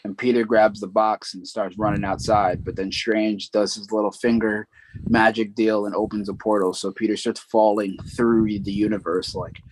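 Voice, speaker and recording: A man's voice: fairly low pitch, flat delivery, moderate pace, darkish tone, slight background noise, rough recording. A man co-hosting a podcast, casually retelling a story with many fillers and asides. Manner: rambling plot recap with many fillers. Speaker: podcast co-host. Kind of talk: casual chat.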